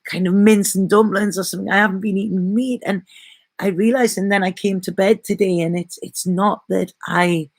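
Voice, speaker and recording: Woman, tarot reader, gentle rambling chat, mid-pitched voice, dry close sound. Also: steady tone, normal speed, no echo. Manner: soft, gentle and rambling, often emotional. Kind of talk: casual spiritual vlog chat. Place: at home in bed.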